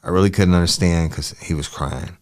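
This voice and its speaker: A man's voice: sits low, fairly even intonation, fairly quick, lightly acted. A man reading out the answers of a young male witness in a police interview, polite and brief. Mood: plain. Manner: short answers, polite "yes, sir".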